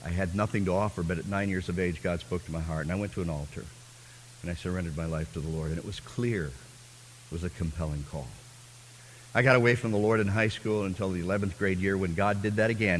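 A man preaching a personal testimony as a sermon, telling his story with fervor and swinging from hushed, quiet passages to loud, impassioned ones. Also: low-pitched, fast, big-room sound, a little hiss or hum.

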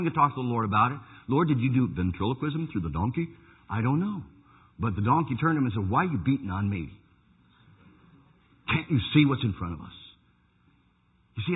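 A man preaching a sermon with animated storytelling, swinging from loud bursts to hushed asides. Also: on the high side, husky. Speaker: pastor. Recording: tinny phone-like line.

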